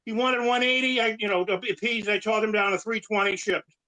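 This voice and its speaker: A man's voice: high-pitched, steady tone, a little fast, pushed and bright, rough recording. A man co-hosting a casual chat about collecting toys, rambling and often restarting his sentences. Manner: rambling, restarts a lot, swears. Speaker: podcast co-host.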